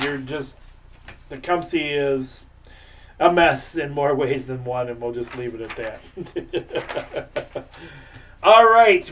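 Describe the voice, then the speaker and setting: A man's voice: on the high side, distant mic, a little hiss or hum. A man hosting a local sports show, giving casual, rambling game picks and previews.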